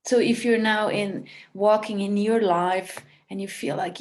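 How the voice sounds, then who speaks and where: A woman leads a spiritual talk in a calm, reflective way. Her voice sits at a middle pitch, and she takes her time, lingering on each phrase. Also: a little slow, hardly any pauses. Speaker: spiritual teacher.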